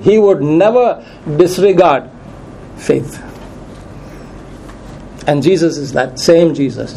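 A man's voice: fairly high pitch, dark tone, slight background noise, rough recording. A man preaching a sermon who reads scripture aloud, cites verses and repeats questions to his congregation for emphasis.

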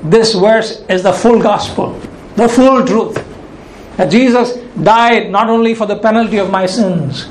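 A man delivers a sermon in a high, ringing voice. He is emphatic and deliberate, slowing down to stress the words he wants to land. The room sounds echoey, with a faint hum behind him. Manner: emphatic, slows to stress key words and repeats them. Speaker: preacher.

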